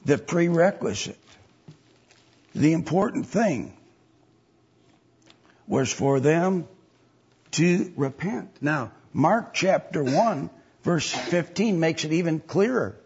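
A man's voice: on the high side, animated, takes it slowly, long pauses, a little mellow, slightly rough. A man preaching a sermon, emphatic, with mocking voices when he quotes others. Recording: dull lo-fi recording.

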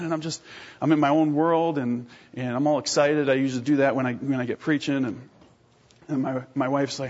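A man in his thirties preaching a sermon as a pastor, telling lively stories with self-deprecating humor and often clearing his throat. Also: mid-range voice, fairly quick. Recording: dull lo-fi sermon recording.

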